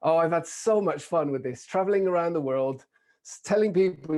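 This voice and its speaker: Mellow British man giving a keynote. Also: fairly high pitch, moderate pace. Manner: lively, playful and engaging. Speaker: keynote speaker. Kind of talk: online keynote talk. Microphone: video call microphone.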